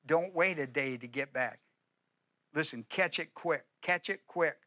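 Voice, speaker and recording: A man's voice: on the high side, a little slow, sharp tone. A middle-aged male pastor preaching a sermon in an emphatic, repetitive style, often asking the congregation questions.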